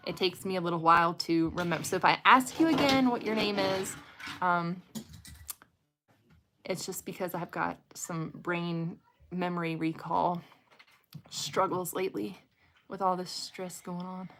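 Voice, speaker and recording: A woman's voice: lowish voice, moderate pace, a bit bright, slight background noise. Chatty woman hosting a livestream. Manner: chatty, talks directly to viewers. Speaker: livestream host. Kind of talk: casual livestream chat. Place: home at night.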